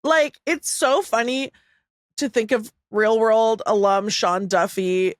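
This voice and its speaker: Woman co-host, a bit high-pitched, playful and giggly, dry close mic. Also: slow pace, no room sound. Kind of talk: casual podcast chat.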